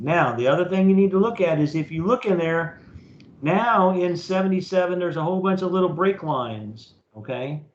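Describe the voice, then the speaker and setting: A man with a high voice teaches an online class as a professor, walking students through the work step by step in a casual way and asking "okay?" again and again. His voice sounds roomy and somewhat dull, like a lo-fi meeting recording. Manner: casual, repeats "okay?" to check understanding. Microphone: computer mic in a video meeting.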